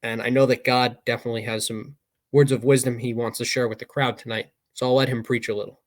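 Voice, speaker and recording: A man's voice: medium pitch, little pitch movement, fast. Young man, podcast co-host, casual motivational talk, rambling, fillers, mid-range voice. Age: young adult.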